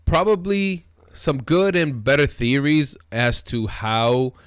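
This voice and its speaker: Excitable, slangy man hosting a video. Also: mid-range voice, slow pace, smooth, no echo, studio quality. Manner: excitable, slangy, calls viewers dude and bro. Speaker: video host. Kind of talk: casual anime commentary.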